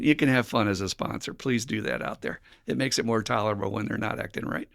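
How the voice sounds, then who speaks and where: An American man hosts a podcast about recovery, talking frankly and bluntly as a sponsor, laughing and swearing often. His lowish voice has a fairly bright tone with vocal fry, and he speaks fast and steadily with few pauses.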